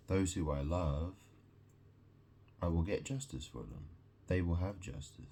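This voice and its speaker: A man's voice: low voice, unhurried, mellow, slight background noise. A man in a rambling solo monologue, repetitive and profane, often stopping to check in with the listener.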